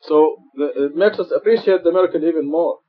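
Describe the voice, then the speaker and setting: This sermon comes from a preacher teaching Quran study in a mosque, his voice a little high and his pace fairly quick. He explains things earnestly and repeats his points to drive them home. The recording is dull and lo-fi.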